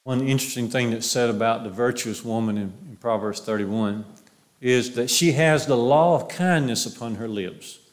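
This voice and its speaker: A man's voice: medium pitch, normal speed. A man preaching a sermon, quoting scripture and repeating phrases for emphasis.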